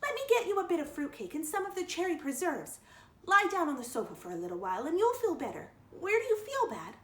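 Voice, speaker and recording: A woman's voice: extremely high pitch, big pitch swings, fast, voice pushed up. A woman voicing a dreamy, dramatic young girl who chatters theatrically. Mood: pleading. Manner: breathless, theatrical storytelling. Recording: roomy echo.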